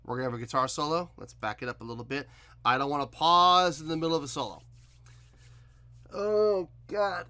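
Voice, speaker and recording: A man's voice: fairly high pitch, a little fast, bright, forceful tone. A man hosting a music reaction video, giving blunt and exasperated commentary straight to the camera.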